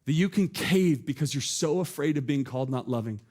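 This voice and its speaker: Earnest, slightly high-voiced male pastor. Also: fairly quick, a little mellow. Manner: earnest, conversational preaching with rhetorical questions. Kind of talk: sermon. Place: church stage.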